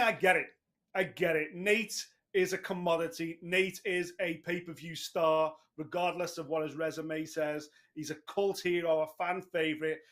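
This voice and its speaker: Male pundit, high voice, emphatic talk that runs on in long points. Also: a bit bright. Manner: chatty, emphatic, talks in long run-on points. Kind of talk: casual studio analysis.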